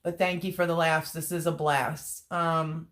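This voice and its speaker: Hosting a relaxed livestream, a woman reads chat comments aloud in a deep, level, unhurried voice. She laughs and gets teary as she talks, captured on a webcam or phone microphone.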